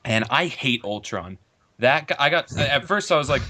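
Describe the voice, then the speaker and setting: A man chatting casually as a guest on an online podcast, ranting with animated impressions of characters. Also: medium pitch, moderate pace.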